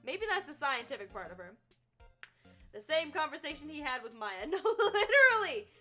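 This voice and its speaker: Animated, bright-voiced woman streamer. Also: sits high, moderate pace, faint music behind. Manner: animated and giggly, reads chat aloud. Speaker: gaming streamer. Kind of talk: casual live-stream gaming chat.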